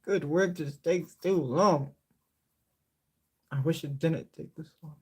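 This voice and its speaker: A man's voice: on the high side, slow pace, pauses often, breathy edge. A young man talking loosely while painting on a live stream, joking to himself and his chat and swearing freely. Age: young adult.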